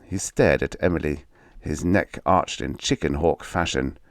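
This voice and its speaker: An audiobook narrator with a low, gravelly voice reads a scripted story in a measured, steady way. The recording is dry and clean, with studio-quality sound.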